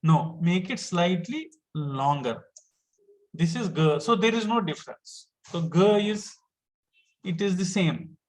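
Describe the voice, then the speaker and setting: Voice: medium pitch, lively intonation, takes it slowly, rough recording. A teacher, giving an online lesson step by step and patiently repeating each point.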